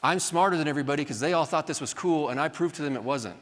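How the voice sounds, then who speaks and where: Guy teaching a class, chatty, acts out little quotes, kinda high voice, big echoey hall. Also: fast talker, fairly bright tone. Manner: conversational, often acts out quoted voices, adds "right?". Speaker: Bible college teacher. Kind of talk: classroom lecture. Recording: reverberant hall.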